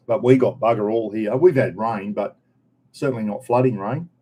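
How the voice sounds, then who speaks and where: Male North Queensland Aussie host, casual live chat, mellow tone, rambling and slangy. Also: on the low side, normal speed, a little hiss or hum. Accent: North Queensland Australian. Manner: laid-back, rambling, broad colloquial slang. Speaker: vlogger. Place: home, indoors.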